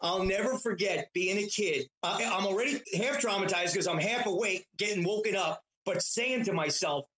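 A man's voice: high-pitched, normal speed, few pauses, a bit bright, poor audio. A middle-aged man telling stories from his childhood in casual chat, rambling with many restarts and repeated words. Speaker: guest. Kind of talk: casual storytelling.

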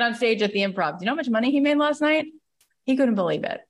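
A middle-aged American woman hosting a live podcast talk, speaking with emphatic, excitable energy and acting out quoted dialogue. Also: a little high, quick pace. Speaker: podcast host and business coach.

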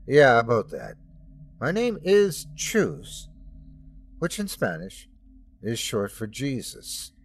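A man's voice: mid-range voice, huge pitch swings, slow pace, pauses often, soft background music, full character voice. A man voicing Jesus as an indignant, resentful young man who complains about his father. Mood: casual.

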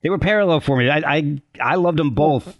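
A man's voice: a little high, brisk, no room sound, dull audio. A man, a musician guest on a video call, chatting casually and agreeably. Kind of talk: casual chat.

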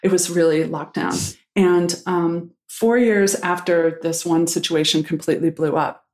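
A woman's voice: on the low side, steady tone, measured pace, a little mellow, echoey room. A woman pastor speaking as a guest, frank and reflective in a candid conversation, with the odd blunt swear word.

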